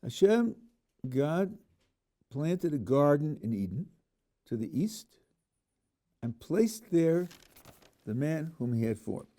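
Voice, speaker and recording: A man's voice: fairly high pitch, sing-song, takes it slowly, long pauses, mellow. A man, a rabbi, teaching a text class, reading verses aloud and then questioning them with dry humor. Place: yeshiva classroom.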